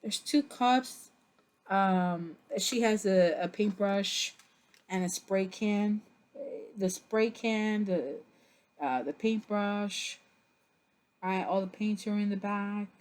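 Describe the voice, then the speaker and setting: Slow-paced and mid-range, the woman's voice carries a casual tarot reading to camera. She's chatty and expressive, with a loose, filler-heavy delivery, laughing and cursing when something catches her off guard.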